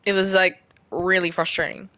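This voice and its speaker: A woman giving casual gameplay commentary while she builds, rambling and self-deprecating, often trailing off quietly. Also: lowish voice, level tone, moderate pace. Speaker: gaming creator.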